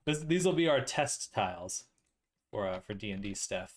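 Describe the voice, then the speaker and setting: A man's voice: on the low side, expressive, moderate pace. A man streaming casually, muttering to himself as he works on a building project. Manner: muttering to himself while working. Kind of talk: casual livestream chat.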